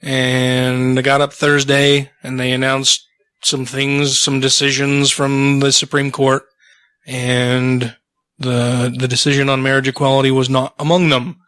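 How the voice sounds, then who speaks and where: A man's voice: mid-range voice, completely flat delivery, unhurried, fairly bright tone, clear, resonant tone, no echo. A man co-hosting a podcast in casual chat, joking and swearing, his voice slightly strained. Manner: loose, profane, chuckling. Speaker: podcast co-host.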